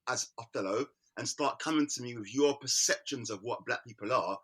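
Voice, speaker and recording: Man, artist guest, emphatic, repeats words, restarts sentences, bright forceful voice. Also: medium pitch, brisk. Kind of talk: candid conversational interview.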